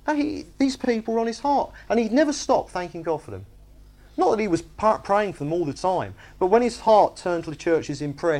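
Male preacher, emphatic sermon, lively swooping delivery, slightly high voice. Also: normal speed. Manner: animated, emphatic, asks the congregation "you see?".

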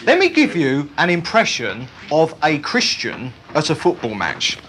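A preacher delivering a sermon in an animated, humorous way, laughing at his own jokes. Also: medium pitch, measured pace, slight background noise. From Britain.

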